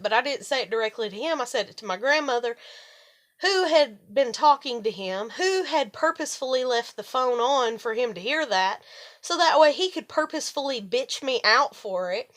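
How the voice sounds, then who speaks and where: A woman's voice: high voice, moderate pace. Rambling, swearing woman vlogger. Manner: rambling, profane, animated retelling. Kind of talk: casual monologue to camera.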